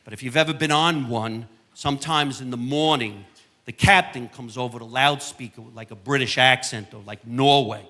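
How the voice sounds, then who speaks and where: A man's voice: medium pitch, moderate pace, bright, forceful tone. Fields: Sex: man. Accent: New Jersey. Style: brash stand-up. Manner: brash, crude storytelling. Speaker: stand-up comedian. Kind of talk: live stand-up comedy. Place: high school auditorium stage. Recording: live audience laughter, noisy hall.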